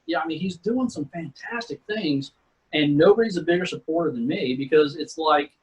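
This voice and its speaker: A man's voice: fairly high pitch, moderate pace, slightly rough, poor audio. A middle-aged man, a retired Army sergeant, telling war stories in a laid-back, casual way and calling people "man" and "dude". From Texas. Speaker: retired Army sergeant first class, guest. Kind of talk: casual storytelling.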